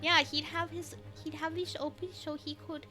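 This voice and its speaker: Playful young woman gaming w friends, high bright voice, lots of giggles. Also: little pitch movement, normal speed, soft background music. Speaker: let's play streamer. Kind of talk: casual let's play chat, reading game lines aloud.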